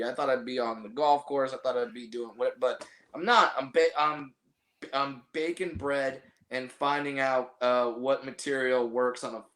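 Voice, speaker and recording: Hosting a casual podcast conversation, this man rambles, pokes fun at himself, swears, and often starts sentences over. His voice is mid-range and a bit bright.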